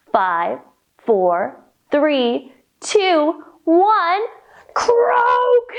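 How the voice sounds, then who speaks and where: A woman leading a children's yoga storytime, guiding gently and playfully. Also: a little high, dull audio. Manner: gentle, playful, slow sing-song guiding. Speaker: kids' yoga story teacher.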